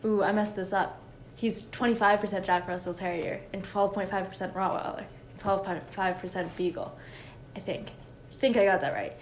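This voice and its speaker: A woman's voice: medium pitch, normal speed, few pauses, slight background noise. A woman co-hosting a podcast in casual chat, often laughing at herself and correcting her slips. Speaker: podcast co-host.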